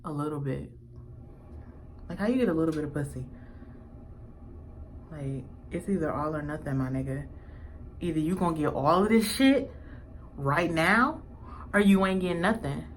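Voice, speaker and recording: A woman's voice: deep voice, moderate pace, long pauses, a little hiss or hum. A young woman, a little tipsy, chatting casually through a makeup tutorial, rambling and swearing in playful trash talk. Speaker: beauty vlogger.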